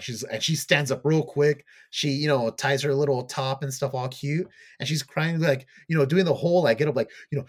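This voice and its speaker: A man's voice: mid-range voice, normal speed, hardly any pauses. A man on a casual podcast, animatedly retelling a TV plot in a rambling way, full of fillers and casual swearing. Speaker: podcast co-host.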